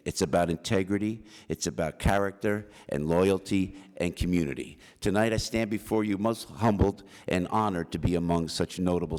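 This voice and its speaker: A man's voice: deep voice, a little mellow. A middle-aged man giving an emotional, joking acceptance speech at an awards ceremony, calling out to the crowd. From New Jersey. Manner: emotional, punchy, calls out to the crowd. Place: large hall at an awards ceremony. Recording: long hall reverb.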